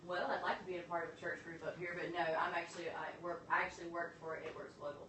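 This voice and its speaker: A woman's voice: fairly low pitch, little pitch movement, fast, pushed and bright, roomy sound, recorded from a distance, slight background noise. A woman from North Carolina, an audience member giving brief, friendly answers in a casual exchange. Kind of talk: casual chat in a demonstration.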